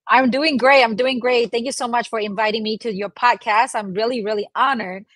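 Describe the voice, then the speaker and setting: A woman's voice: on the high side, fairly even intonation, brisk, fairly bright tone, no echo. Woman guest, chatty, fillers, dry close mic. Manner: chatty, many "you know" and "right?", laughs often. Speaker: guest, delegation expert. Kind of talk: conversational interview.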